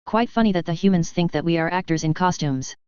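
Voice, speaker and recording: A woman's voice: on the low side, fast, a little mellow, smooth, dry recording, lightly acted. A woman reading the lines of a large, horned, furry male creature who reports deferentially to his lord, on slightly dull lo-fi audio.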